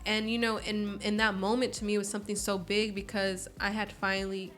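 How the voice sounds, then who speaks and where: A woman's voice: medium pitch, flat delivery, brisk, fairly bright tone. A woman in her early twenties, a podcast guest chatting casually and telling stories expressively, acting out quoted voices. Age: early 20s. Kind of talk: casual interview chat.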